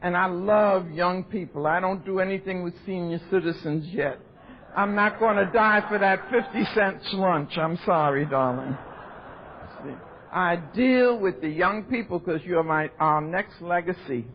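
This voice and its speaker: An older woman speaking at a recovery convention, telling her story with animation and acting out the voices of others, on a dull old tape. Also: a little slow. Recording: dull lo-fi tape with faint rumble.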